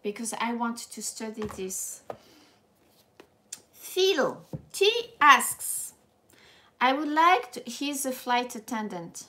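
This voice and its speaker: A woman with a French accent teaching a live language lesson in a playful, animated way, laughing often and slipping into French. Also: fairly high pitch, takes it slowly, long pauses.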